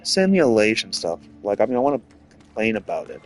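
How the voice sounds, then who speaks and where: A man with a somewhat low voice talks casually while he plays a video game. He rambles through his ideas and leans on filler words as he thinks aloud. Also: sing-song, a little fast, faint music behind. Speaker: game streamer. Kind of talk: casual rambling commentary over gameplay.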